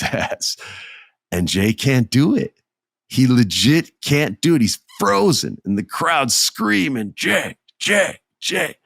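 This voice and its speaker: A man in his thirties hosting a solo podcast, telling a story excitedly and acting out quotes. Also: on the low side, dry recording, studio quality. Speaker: podcast host.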